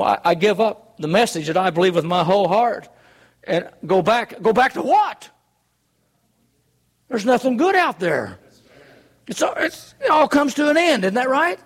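A man's voice: high voice, lively intonation, normal speed, pauses often, slightly rough. A man preaching a sermon in an earnest, conversational way, full of rhetorical questions.

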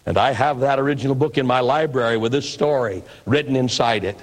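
A man's voice: mid-range voice, brisk. A man preaching in a reflective, conversational storytelling manner. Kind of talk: storytelling sermon.

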